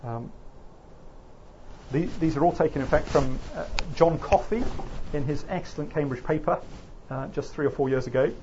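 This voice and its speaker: A man's voice: fairly high pitch, normal speed, pauses often, warm tone, a little hiss or hum. Hesitant male lecturer, slightly muffled. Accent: Oxford English. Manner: hesitant, frequent fillers. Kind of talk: classroom lecture.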